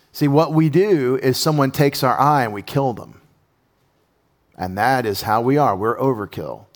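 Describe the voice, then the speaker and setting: A man preaching a sermon in a conversational, animated way, often asking his audience questions. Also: mid-range voice. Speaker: pastor.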